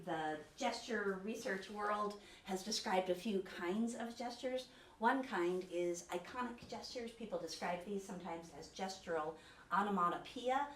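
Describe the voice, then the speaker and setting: A woman's voice: on the low side, a little hiss or hum. Woman lecturing from across a roomy hall. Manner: conversational, with fillers and self-corrections. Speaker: autism researcher giving a talk. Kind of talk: academic lecture. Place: lecture room, hybrid session with remote viewers. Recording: roomy, distant lecture-hall sound with faint ambience.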